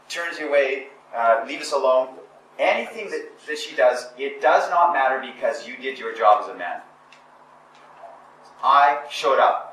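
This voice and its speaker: Emphatic male motivational speaker, echoey room. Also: fairly high pitch. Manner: emphatic and repetitive, rising to forceful exhortation. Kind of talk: live motivational talk to an audience. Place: indoor conference or seminar room. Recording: echoey room, voice picked up from a distance with faint noise.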